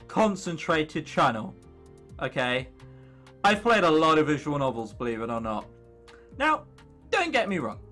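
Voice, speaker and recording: Young male let's player, high bright voice, sarcastic and fed up, curses a lot, soft music underneath. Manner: exasperated ranting with frequent swearing. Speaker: video game let's player. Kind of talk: gameplay commentary.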